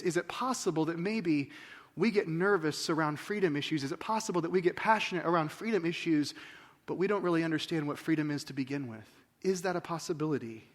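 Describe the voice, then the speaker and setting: A man in his forties preaching to a church congregation in a conversational way, with rhetorical questions and big swings between quiet and loud. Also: on the high side, lively intonation, brisk. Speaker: pastor. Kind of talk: sermon.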